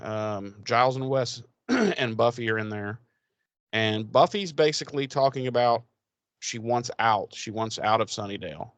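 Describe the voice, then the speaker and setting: A man co-hosting a podcast, recapping a TV episode in casual chat, swearing freely and animated. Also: mid-range voice, moderate pace, no room sound. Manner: swearing, animated, quotes characters in put-on voices. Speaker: podcast co-host.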